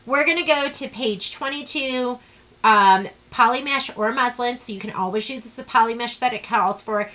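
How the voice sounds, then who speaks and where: Bright, chatty woman sewing instructor. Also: fairly high pitch, moderate pace, poor audio. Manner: chatty, rambling, self-deprecating. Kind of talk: live online sewing class.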